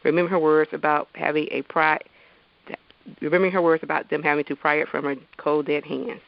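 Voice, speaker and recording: Woman author and teacher reads from her novel, halting, with fry in the voice. Dry, dull recording. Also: deep voice, little pitch movement, no echo. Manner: halting, with many fillers and restarts. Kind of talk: introduction and reading from her novel.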